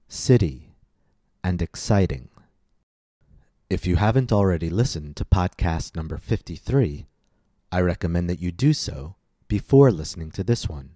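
A man giving a scripted pronunciation lesson as a coach, speaking slowly and enunciating carefully. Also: sits low, warm tone, dry recording, clean studio sound. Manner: slow, careful, clearly enunciated. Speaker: accent coach.

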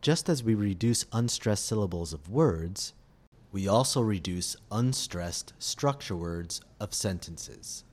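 A man teaching English pronunciation in a scripted podcast lesson, speaking slowly and articulating each word clearly. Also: fairly low pitch, expressive, a little mellow. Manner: slow, deliberate, clearly articulated delivery.

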